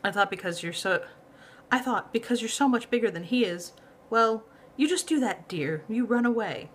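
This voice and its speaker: A woman's voice: fairly high pitch, lively intonation, normal speed, a little hiss or hum, voice pushed up, lightly acted. A woman voicing an anxious, doting older grandmother who fusses over her grandson. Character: fussy worried grandmother.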